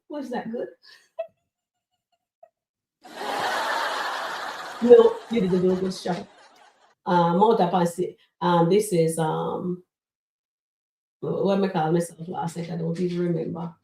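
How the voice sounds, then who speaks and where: A woman's voice: lowish voice, fairly even intonation, unhurried, far from the mic, background noise. A woman hosting a live stream, chatting casually with her viewers as she reviews comedy skits. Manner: chatty, addresses chat as guys, frequent fillers. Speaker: livestream show host reviewing comedy skits. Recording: roomy echo, voice set back from mic.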